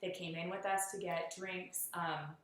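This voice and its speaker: A woman's voice: fairly low pitch, steady tone, unhurried. Chatty woman in a very echoey room. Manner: chatty, finishes her partner's sentences, laughs often. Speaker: hiking vlog co-host. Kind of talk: casual chat recounting a hike.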